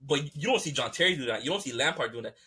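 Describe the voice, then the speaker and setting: A man's voice: mid-range voice, expressive, rapid-fire, sharp tone, husky. A man hosting a podcast, ranting in a fired-up, profane, repetitive way. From United States. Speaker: podcast host. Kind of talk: heated casual rant.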